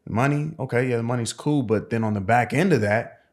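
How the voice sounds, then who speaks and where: A man hosting a podcast, asking questions in a relaxed, affirming way with plenty of slang. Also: medium pitch, a little fast. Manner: relaxed, affirming, says bro a lot. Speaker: podcast host. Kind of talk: casual interview chat.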